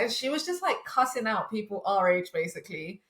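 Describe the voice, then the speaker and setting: A woman's voice: mid-range voice, sing-song, brisk, fairly bright tone, echoey room. A woman in her twenties co-hosting a podcast, telling a story in casual chat with swearing and laughs. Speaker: podcast co-host.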